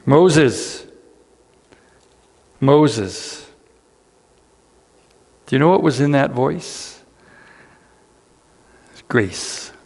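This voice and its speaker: Slow preaching guy, gravelly voice, church hall echo, earnest. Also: medium pitch, a little mellow. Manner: slow, earnest preaching with dramatic pauses and repeated lines. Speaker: pastor. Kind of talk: sermon. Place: church sanctuary.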